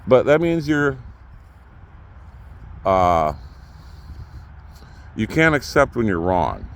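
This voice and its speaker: A middle-aged man hosting his own channel, ranting unscripted to the camera, blunt and profane, swinging from loud outbursts to low muttering. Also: sing-song, extremely slow. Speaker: YouTube channel host.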